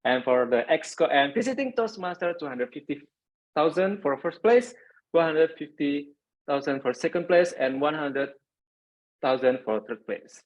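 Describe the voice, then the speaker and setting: A man, a club president giving lively meeting announcements over a video call. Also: a little high, moderate pace. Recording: muffled online call audio.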